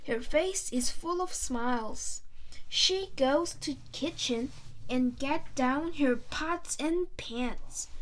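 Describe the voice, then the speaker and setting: A woman reading a children's picture book aloud in a slow, sing-song way, playing up sound words and animal noises. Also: high-pitched, a bit bright. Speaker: storyteller.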